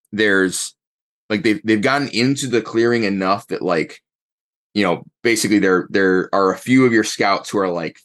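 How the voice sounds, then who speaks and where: A man narrating as game master, rambling and thinking aloud as he describes the scene. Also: low voice.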